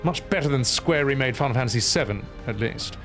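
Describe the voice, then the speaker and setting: A man's voice: medium pitch, expressive, fairly quick, a bit bright, faint music behind. A man giving casual, joking, rambling gameplay commentary as a streamer. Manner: joking, rambling, self-mocking.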